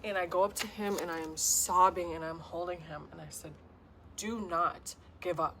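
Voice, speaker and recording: A woman's voice: fairly low pitch, steady tone, brisk, a bit bright, slight background noise. A woman giving a casual spiritual tarot reading to camera, talking in an earnest, heartfelt, rambling way. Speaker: tarot reader and self-described healer.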